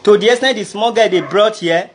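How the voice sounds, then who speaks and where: A vlogger with a Nigerian Pidgin English accent rambles indignantly to camera about a personal grievance, speaking straight to the listener. His voice sits high and moves fairly quickly. There's a little hiss or hum on the recording.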